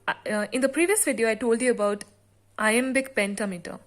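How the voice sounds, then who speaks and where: A woman teacher explaining a sonnet's meter and rhyme scheme in a slow classroom lesson, with frequent pauses and fillers. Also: on the high side. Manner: reads the poem aloud slowly with extra stress. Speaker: literature teacher.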